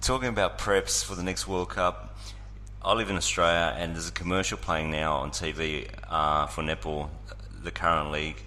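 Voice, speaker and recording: Casting: low-voiced joking man, lively delivery, reverberant recording. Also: moderate pace, a little hiss or hum. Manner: joking, animated storyteller. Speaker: podcast co-host. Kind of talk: casual podcast chat. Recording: long reverb on the voice.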